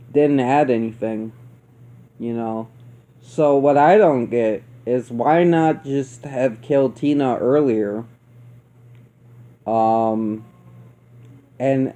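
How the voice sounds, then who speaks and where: Casual male film reviewer, profane, rambling, warm mellow voice. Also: mid-range voice. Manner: profane, rambling, laughs often. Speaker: movie reviewer.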